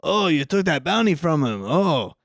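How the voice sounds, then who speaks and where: A man's voice: fairly high pitch, big pitch swings, moderate pace, vocal fry, no echo, studio quality, voice pushed up. A man putting on the voice of a cocky bandit who taunts a sheriff in a mocking, sing-song way.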